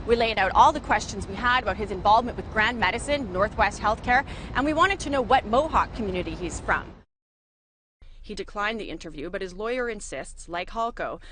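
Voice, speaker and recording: A woman investigative reporter reading scripted news narration in a measured, matter-of-fact way. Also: mid-range voice, a bit bright, a little hiss or hum.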